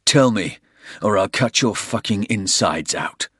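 A man's voice: lowish voice, lively intonation, a little slow, a bit bright, slightly rough, dry recording, studio quality, exaggerated voice. A man voicing a hard, menacing soldier who threatens a captive. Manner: threatening, snarling, blunt.

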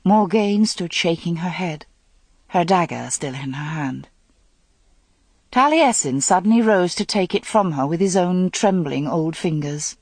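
A narrator reading a dramatic story aloud in a measured manner. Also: medium pitch, expressive, a little mellow, breathy edge, dry recording. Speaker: audiobook narrator.

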